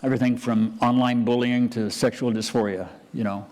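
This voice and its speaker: A man's voice: medium pitch, steady tone, a little fast, darkish tone. A man, a pastor, preaching a conversational sermon with frequent restarts and asides. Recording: church hall reverb.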